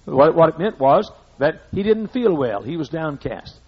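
A man's voice: on the high side, big pitch swings, normal speed, husky. An older man with a Southern accent preaching a sermon as pastor, folksy and repetitive, hammering his points home. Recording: muffled lo-fi sermon recording.

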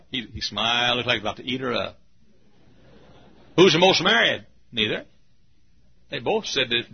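An older man preaching a folksy sermon, telling stories, often laughing mid-sentence and breaking into sudden shouts. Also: mid-range voice, breathy edge. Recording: dull lo-fi sermon recording.

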